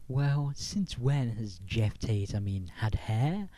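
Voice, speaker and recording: A man playing a creepy half-octopus stalker in a comic sketch, talking in a dry, deadpan, mock-sinister way. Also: medium pitch, slow, slight background noise.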